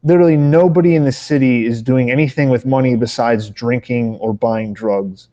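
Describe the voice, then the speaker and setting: A man co-hosting a podcast chats casually at a middle pitch and moderate pace in a mellow voice. He rambles through his stories, swears freely and keeps breaking off to restart sentences. The recording is muffled.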